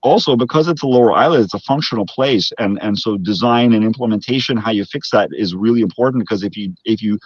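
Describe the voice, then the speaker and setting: Measured Canadian surgeon, low dull voice. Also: male voice, no echo. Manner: measured, methodical, with frequent restarts. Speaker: plastic surgeon guest. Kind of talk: explanatory interview answers.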